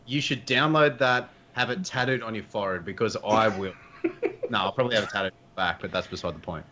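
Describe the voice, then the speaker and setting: A man's voice: on the low side, quick pace, lo-fi sound, noisy background. An Australian man in a casual gaming chat, joking and blunt.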